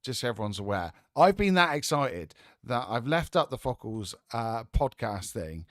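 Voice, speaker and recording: A man hosts a relaxed football chat, friendly and rambling with fillers. His voice sits at a middle pitch. The sound is dry and close. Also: moderate pace, no room sound. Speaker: host. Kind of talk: casual chat.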